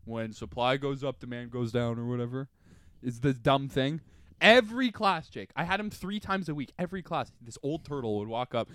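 A man's voice: mid-range voice, moderate pace, dry recording. A young man in his twenties co-hosting a podcast, chatting casually and joking with lots of laughter. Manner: animated, joking, laughs often. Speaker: podcast co-host. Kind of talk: casual chat.

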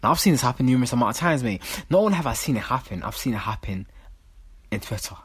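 A man's voice: mid-range voice, expressive, quick pace, slightly rough, no echo. A young man, co-hosting a casual podcast chat, rambling and repeating himself with lots of fillers. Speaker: podcast co-host.

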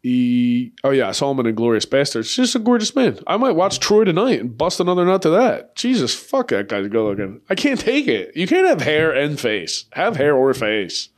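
A man's voice: mid-range voice, wildly swooping pitch, normal speed, hardly any pauses. A young man hosting a comedy podcast, rambling in crude, profane bursts and laughing often at his own jokes. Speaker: podcast host.

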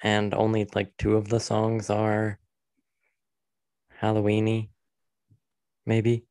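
A man casually chatting about the album's songs, hesitant and relaxed, with many fillers. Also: fairly low pitch, slow, clean tone, dry recording. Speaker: musician co-host discussing the album. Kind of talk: casual chat.

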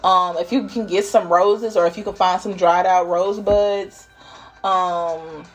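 A woman giving a casual spiritual reading, playful and laughing, dropping to whispers and jumping to loud bursts. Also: on the low side, steady tone, a little slow, faint music behind. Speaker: spiritual reader channeling messages. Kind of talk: casual intuitive reading monologue.

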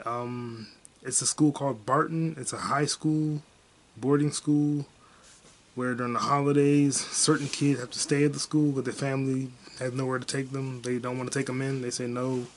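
A man's voice: mid-range voice, slight background noise. A young man hosting a podcast, chatting casually about a movie in a rambling, laid-back way with some swearing. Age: young adult. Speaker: podcast host. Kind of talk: casual movie review chat.

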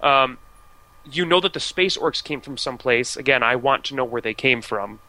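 A man's voice: mid-range voice, normal speed, pushed and bright, low-quality recording. An American man talking casually about video games as a podcast co-host, chatty and full of restarts and fillers. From United States. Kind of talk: casual video game discussion.

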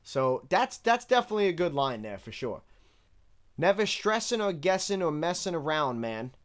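Man, rap lyric breakdown, casual and candid, slightly high, smooth clear voice. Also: normal speed. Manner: breaks down rhymes bar by bar, candid and relaxed. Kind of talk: casual analytical commentary.

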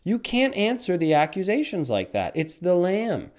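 A man's voice: sits high, huge pitch swings, normal speed, darkish tone. A man preaching a sermon in an earnest, emphatic way, often restarting his phrases.

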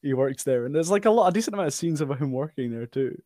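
Halting, chatty male podcast co-host. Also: fairly high pitch, animated, mellow, dry recording, studio quality. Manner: halting, many restarts and fillers, laughs often. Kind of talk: casual film discussion.

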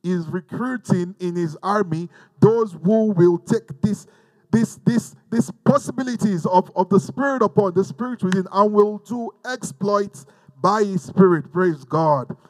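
A man's voice: sits high, unhurried, a little mellow, no room sound, poor audio. A man from Africa preaching a teaching sermon, fervent, repeating phrases and leading the listeners in call-and-response.

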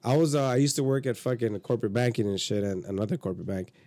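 A man's voice: mid-range voice, fast, dark tone, dry recording. Profane man telling a wild story. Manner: profane, rambling, acts out quotes. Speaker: podcast guest. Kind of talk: casual storytelling.

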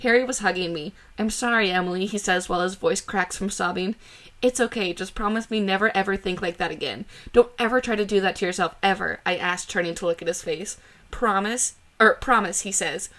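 A woman's voice: medium pitch, fairly quick, a bit bright. A woman podcast co-host reading fan fiction aloud in a dramatic way, often breaking into laughter.

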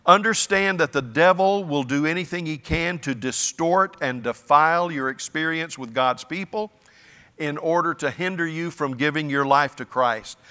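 A man's voice: fairly high pitch, sharp tone, in a large hall. A man preaching a sermon as pastor, earnest and conversational.

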